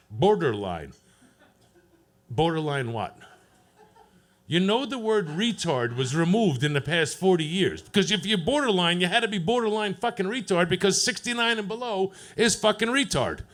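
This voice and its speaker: A man doing a profane stand-up set at an open mic, deadpan and teasing the crowd. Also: on the high side. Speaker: stand-up comedian. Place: comedy club stage.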